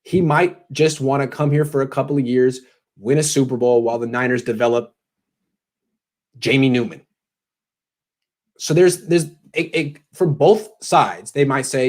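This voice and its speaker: A man's voice: medium pitch, moderate pace, darkish tone. A man hosting a live sports Q&A, thinking aloud in a casual, conversational way with sarcastic asides. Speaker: sports podcast host answering viewer questions.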